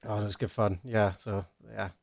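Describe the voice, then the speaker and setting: A man co-hosting a charity stream in casual chat, giggly and excitable. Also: normal speed, creaky, no echo, studio quality. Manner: giggly and excitable, swings pitch widely.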